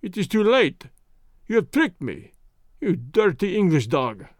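A man's voice: sits high, big pitch swings, measured pace, no echo, clean studio sound. A man doing a desperate, scheming Russian. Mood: wailing. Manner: wailing, bitter.

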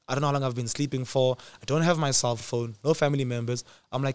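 A man in his twenties telling a personal story in a casual, slangy way, swinging between loud excitement and quiet reflection. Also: fairly high pitch, fast, hardly any pauses, no room sound. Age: 20s.

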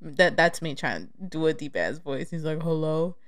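A woman's voice: sits low, very animated, normal speed, fairly bright tone. A young woman from the Chicago area hosting her own podcast, chatting casually and candidly, swearing freely and laughing easily. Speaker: podcast host.

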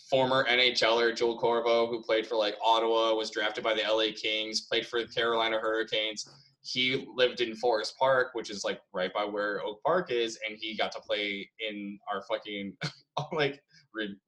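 A man's voice: mid-range voice, sharp tone, poor audio. A young man co-hosting a podcast, telling hockey stories in casual chat with lots of swearing and laughter. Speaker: podcast co-host.

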